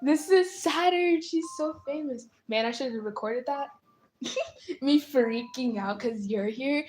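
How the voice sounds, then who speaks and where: Excitable high-pitched woman streaming a game. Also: slow pace, a little hiss or hum. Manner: excitable, starstruck exclamations, talks to chat. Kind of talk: casual live gameplay commentary.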